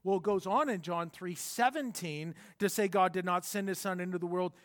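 A man preaching a sermon, earnest and conversational, with fillers and restarts, swinging between soft and emphatic. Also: sits high, moderate pace. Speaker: pastor.

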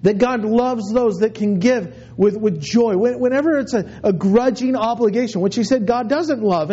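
A man's voice: very high voice, dark tone, highs cut off. A man preaching a sermon in a conversational way, often repeating words and acting out what people think. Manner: conversational preaching with many restarts and acted-out inner voices. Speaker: pastor.

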